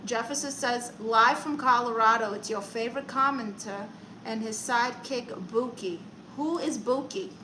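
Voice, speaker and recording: A bright, fairly high-voiced woman hosts a comedic live stream, chatting playfully with her viewers. She reads their comments aloud and answers them in a mock-serious tone. She talks close to the mic, with a faint hum of room ambience behind her. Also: normal speed, rough recording. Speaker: comedic livestream host.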